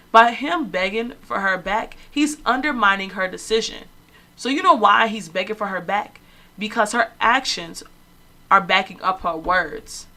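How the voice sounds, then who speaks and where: A woman's voice: medium pitch, bright, forceful tone. A young woman hosting a comedy podcast, giving sassy, opinionated commentary in a casual storytelling way. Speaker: podcast host.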